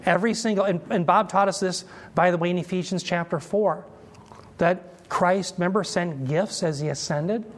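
A man teaching an expository sermon, explaining Greek terms slowly and asking his listeners questions as he goes. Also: high-pitched. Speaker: Bible teacher.

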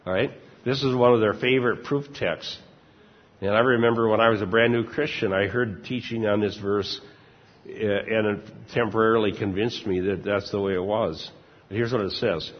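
Brief: older male pastor, husky and lowish, chatty and chuckling sermon delivery, dull recording in a reverberant church. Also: moderate pace. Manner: chuckles often, relaxed and informal. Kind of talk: conversational sermon.

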